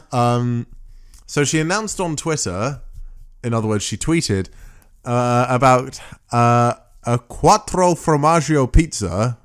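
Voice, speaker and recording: A man chatting loosely on a podcast, his voice sitting in an ordinary middle pitch. He rambles, trips over his words and corrects himself often. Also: slow. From England. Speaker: podcast co-host. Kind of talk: casual chat.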